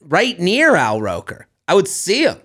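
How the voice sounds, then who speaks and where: A man's voice: sits high, measured pace. A man in his thirties co-hosting a podcast in casual chat, telling stories and acting out quotes. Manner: animated storyteller, acts out quotes. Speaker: podcast co-host.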